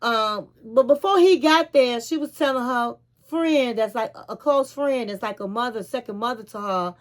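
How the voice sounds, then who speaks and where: High-voiced chatty woman vlogger. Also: moderate pace. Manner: chatty, animated, calls the listener "honey". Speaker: vlogger recapping a reality show. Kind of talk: casual storytelling recap.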